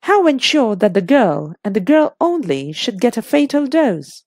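A woman voicing a thoughtful older man, a retired police chief, in a measured, musing way. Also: a little high, very animated, darkish tone, no echo, studio quality.

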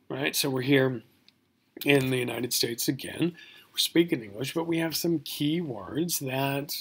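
A man's voice: medium pitch, vocal fry, fairly bright tone, breathy edge. A man from California with a Californian accent, giving a recorded college lecture in a joking, mock-outraged way and often asking "right?".

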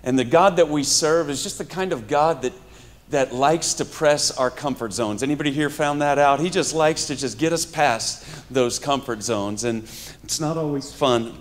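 Speaking at a moderate pace in a mid-range voice, a New Yorker in his fifties delivers a conversational sermon in a church hall before a live audience. He tells stories, jokes, and addresses the listeners directly.

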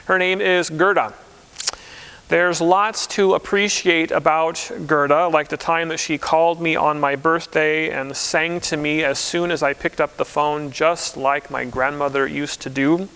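A man's voice: fairly high pitch, steady tone, a little slow, bright, forceful tone, clear, resonant tone. A man who is a pastor, preaching a conversational, story-driven sermon. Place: church.

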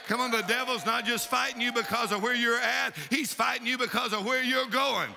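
A man preaching a fiery sermon, shouting and exhorting with repeated rallying calls. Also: extremely high pitch, fairly even intonation, a little fast, vocal fry, noisy background. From Texas. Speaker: pastor. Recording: reverberant church hall.

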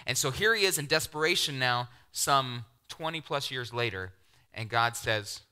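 A middle-aged man preaching a sermon, animated, acting out the voices he quotes and dropping to near-whispers. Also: mid-range voice, moderate pace, clean tone. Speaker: pastor.

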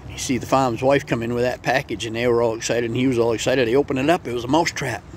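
A man's voice: medium pitch, steady tone, fast, slight background noise. Folksy man telling a motivational story. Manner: folksy, friendly, plain-spoken. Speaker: vlog host.

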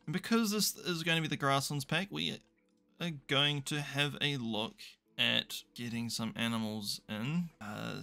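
Chatty man with a gravelly, bright voice. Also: mid-range voice. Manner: chatty, thinking aloud, dry self-mocking asides. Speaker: gaming YouTuber. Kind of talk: casual let's play commentary.

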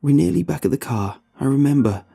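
A man's voice: medium pitch, animated, brisk, gravelly, mellow, husky, faint music behind, voice pushed up. A man reading a horror story and voicing a desperate young man who speaks in an urgent, pleading way.

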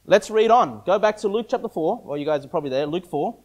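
Brief: higher-pitched male pastor, casual preaching style, keeps checking in with the congregation. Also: animated, fast, darkish tone. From Australia. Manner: conversational preaching, frequent "okay?" and "all right?" check-ins. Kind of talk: sermon.

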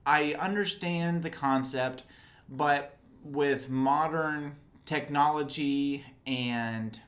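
Animated man chatting on a podcast. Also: on the high side, extremely slow. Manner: animated, acts out quotes in raised voices. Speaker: podcast co-host. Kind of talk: casual fan chat.

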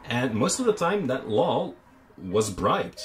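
A man hosting a hobby channel, explaining in a relaxed, casual monologue with frequent ums and restarts. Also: mid-range voice, slow, slight background noise. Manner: relaxed, conversational. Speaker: miniature painting channel host.

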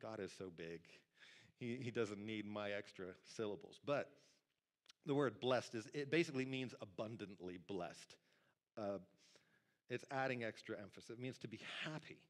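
A man's voice: lowish voice, moderate pace. Male pastor, sermon, conversational, talks to the congregation, church sanctuary. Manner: lively, conversational preaching with audience asides.

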